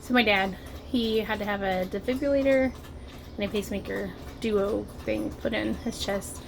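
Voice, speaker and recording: A woman's voice: mid-range voice, normal speed, gravelly, background noise. A woman from Ohio telling a story to camera in a chatty vlog, with lots of "like" and "oh my gosh". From Ohio, USA. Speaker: vlogger. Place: home, dogs nearby. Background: barking dogs.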